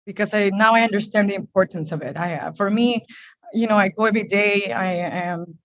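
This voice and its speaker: A woman speaking English as her second language, a business owner testifying before a board in a halting, earnest, emotional way. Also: medium pitch, no room sound, dull audio. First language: not English. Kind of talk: testimony at a public hearing. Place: hearing room.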